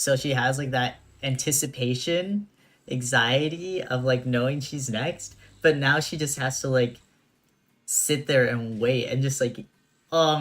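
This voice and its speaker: A young woman streamer chatting casually over a game, laughing often and talking in slang. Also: rumbling low. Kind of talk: casual gameplay commentary.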